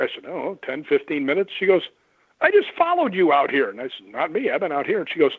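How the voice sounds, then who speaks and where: Guy on a phone call telling ghost hunt stories, does the voices, kinda high, sounds like a phone line. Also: fast, husky, no echo. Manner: animated anecdotes, acts out quoted voices. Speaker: guest paranormal investigator. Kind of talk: storytelling on a radio call-in.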